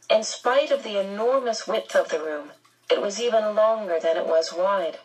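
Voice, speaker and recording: A woman reads an audiobook slowly and steadily, in a measured storytelling voice. Her tone is breathy and soft-edged. She sits somewhat back from the mic. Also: on the low side, far from the mic, poor audio. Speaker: narrator. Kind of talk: audiobook narration.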